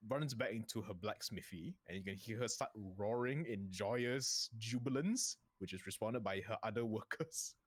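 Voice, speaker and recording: Lively man running a tabletop game. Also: on the low side, moderate pace, hardly any pauses, dry recording. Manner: easygoing, laughs often. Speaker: game master.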